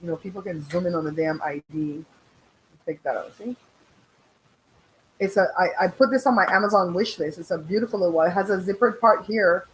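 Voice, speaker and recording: A chatty middle-aged woman talking straight to her live viewers. She tells stories in a lively way, acts out what people said, and swears freely along the way. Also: lowish voice, fairly quick, a little hiss or hum, poor audio. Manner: chatty, animated storytelling with voiced quotes; frank, swears casually. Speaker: livestream host. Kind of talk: casual live chat.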